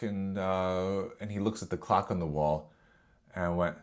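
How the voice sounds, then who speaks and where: A man who works as a substitute teacher, telling a classroom story in an animated way, acting out the dialogue and using lots of fillers. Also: low voice, a little slow. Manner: animated retelling, acts out dialogue, many fillers. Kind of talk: storytime vlog.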